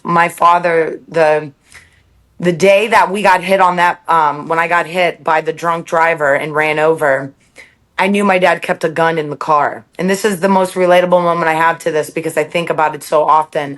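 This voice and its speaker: A woman's voice: on the low side, fairly even intonation, normal speed, a bit bright. A woman as a podcast guest, speaking candidly and reflectively, laughing between thoughts and quoting her own self-talk.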